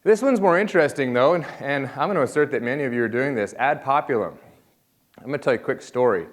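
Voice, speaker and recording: A man giving a lively conference talk, joking and calling on the audience. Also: mid-range voice, quick pace. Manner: energetic, jokey, interacts with crowd. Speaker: conference speaker.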